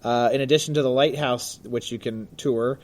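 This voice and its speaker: A man of ordinary pitch talks in a loose, chatty way on a casual podcast. He jokes, laughs easily and leans on "uh" as he wanders through his points. The delivery is that of an unscripted co-host. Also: fairly even intonation, moderate pace, a little mellow. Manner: chatty and jokey, laughs often, frequent "uh" fillers. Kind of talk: casual chat. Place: Baltimore.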